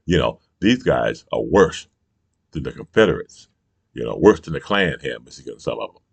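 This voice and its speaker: A man with a very deep, gravelly and husky voice, ranting heatedly in a profane political commentary. The sound is dry and close, and he keeps throwing in "you know" as he drives each point home. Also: very animated, normal speed, no echo. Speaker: channel host. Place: Michigan.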